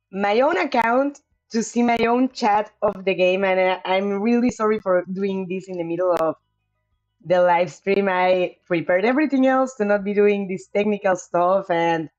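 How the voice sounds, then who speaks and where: A woman's voice: medium pitch, darkish tone. Chatty woman game streamer, lo-fi mic. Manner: chatty, apologetic, laughs often. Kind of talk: casual live-stream chat.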